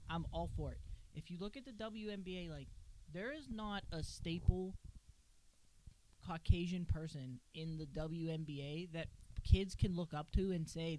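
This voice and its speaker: A man's voice: sits high, slight background noise, rough recording. A man co-hosting a podcast in casual chat, making an opinionated case. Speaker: podcast co-host.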